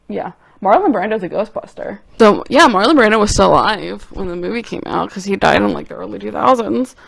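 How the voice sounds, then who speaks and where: A young woman chats her way through a cosplay makeup session, spinning off into tangents and giggling at her own stories. Her voice swoops up and down with lively energy and carries a gravelly edge. She sounds casual and unscripted. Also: mid-range voice. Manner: chatty, tangent-prone, giggly storytelling. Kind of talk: rambling casual chat while doing makeup.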